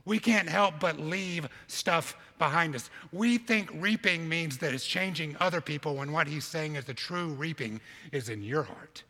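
A man preaching a sermon as a church planter, telling a story in an animated way and acting out his own side of a conversation. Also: fairly high pitch, measured pace, hardly any pauses, long reverb tail.

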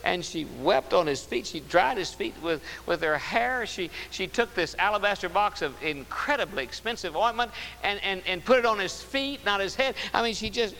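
A man's voice: high voice, lively intonation, bright, forceful tone. A man preaching a sermon, emphatic, stretching key words and repeating phrases. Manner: emphatic, drawn-out stresses and repetition. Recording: roomy hall reverb with faint hiss.

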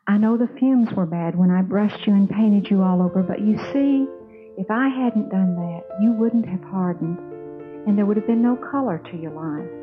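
A woman voicing a patient male master potter who gently explains himself, with a tinny phone-like sound. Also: mid-range voice, moderate pace, over music, natural voice. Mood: calm. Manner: calm, explaining.

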